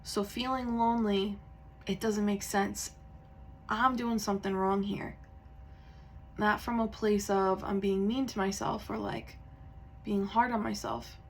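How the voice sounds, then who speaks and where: A woman tarot reader talks in a candid, confessional way, slightly tearful. Her speech wanders, with fillers and restarts, at a middling pitch for a woman. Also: steady tone, unhurried, vocal fry, long pauses, a little hiss or hum. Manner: candid, rambling, with many fillers and self-corrections. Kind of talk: casual confessional talk.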